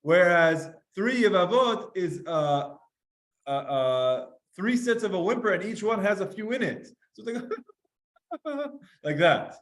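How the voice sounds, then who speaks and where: A man teaching a lively Gemara class to students, reading Hebrew lines aloud, translating them and acting out sighs and whimpers. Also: sits high, measured pace. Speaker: Talmud teacher.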